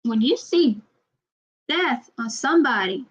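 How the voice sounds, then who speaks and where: A woman talks to the camera in a loose, halting way, with many restarts and trailing sentences. Her voice sits a little high. The recording sounds dull and lo-fi. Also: expressive. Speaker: vlogger. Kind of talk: casual personal talk to camera.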